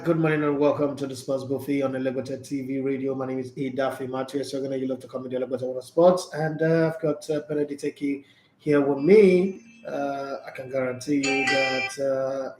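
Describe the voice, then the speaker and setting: A man's voice: medium pitch, fairly even intonation, normal speed, darkish tone, echoey room. A man hosting a sports radio show, chatty and joking. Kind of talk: casual sports talk show.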